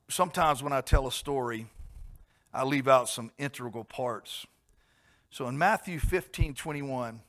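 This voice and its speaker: A man preaching a sermon in a conversational way, asking his audience questions and swinging from quiet asides to emphatic points. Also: medium pitch.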